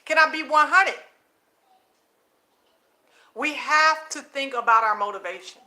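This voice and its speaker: A high-voiced woman with a bright, forceful tone preaches to her viewers from home at night. She calls them family, repeats phrases for emphasis and laughs often between points. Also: unhurried. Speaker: host of her own channel. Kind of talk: casual preaching monologue to viewers. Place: home at night, children nearby.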